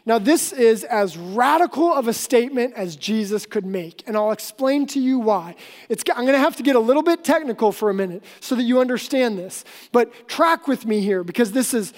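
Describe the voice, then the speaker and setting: A woman pastor preaches to her congregation, her voice sitting a little high. She explains things earnestly and slows right down on the key points. Her words carry a long reverb, as if they fill a large church hall. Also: animated, darkish tone. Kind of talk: sermon.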